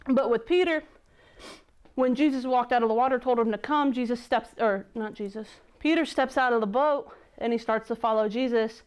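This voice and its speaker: A young woman giving a casual youth sermon, reading scripture and chatting it over in a relaxed, conversational way. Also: a little high, normal speed, clear, resonant tone. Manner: chatty, conversational, many "like" fillers. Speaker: youth leader.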